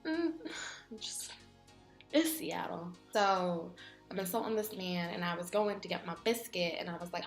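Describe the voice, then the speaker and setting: A young woman vlogger telling funny stories in a casual, animated way, acting out voices from them. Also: medium pitch, moderate pace, echoey room, faint music behind. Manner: animated, jokey, acts out voices in her stories. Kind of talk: casual storytelling vlog.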